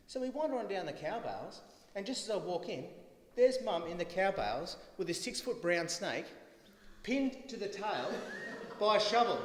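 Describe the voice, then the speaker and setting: A middle-aged man with an anecdotal, storytelling manner, giving a eulogy for his mother at a funeral. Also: sits high. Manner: storytelling, chuckling at his own stories. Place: funeral venue hall. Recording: echoey livestreamed hall.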